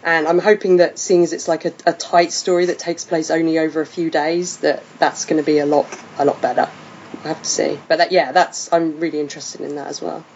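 British female podcast host, low register, rambling fillers, muffled recording. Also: little pitch movement, fairly quick, darkish tone, slight background noise. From Britain. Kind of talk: casual chat.

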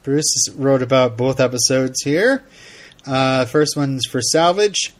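A man's voice: medium pitch, slow pace. A man hosting a casual podcast chat, laughing often and reading out listener feedback. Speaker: podcast host.

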